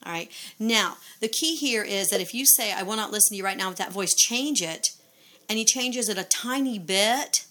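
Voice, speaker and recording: A woman's voice: medium pitch, moderate pace, sharp tone. A woman giving parenting advice in a casual instructional talk, conversational, with frequent fillers and rhetorical questions.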